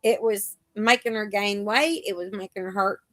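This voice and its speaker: A woman's voice: mid-range voice, steady tone, normal speed, a bit bright. A middle-aged woman, hosting a casual live chat and telling chatty stories, acting out what the doctors said. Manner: chatty storyteller, acts out the doctors' lines.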